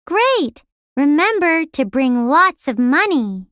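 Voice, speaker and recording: A woman's voice: sits high, sing-song, slow pace, a bit bright, exaggerated voice. A woman voicing a cheerful young girl who is eager to go shopping, in a scripted textbook listening dialogue.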